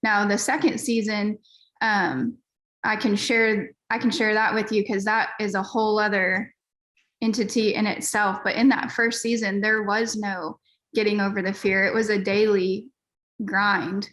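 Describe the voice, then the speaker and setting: A woman's voice: mid-range voice, steady tone, a little slow, a bit bright. A woman pastor, a guest on a podcast, telling her story in a candid, earnest, casual way with frequent fillers.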